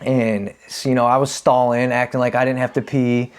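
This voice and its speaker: Male host, 30s, confessional storytelling, candid and conversational, mid-pitched voice. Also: moderate pace, smooth. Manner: candid, animated when acting out quotes. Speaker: podcast host.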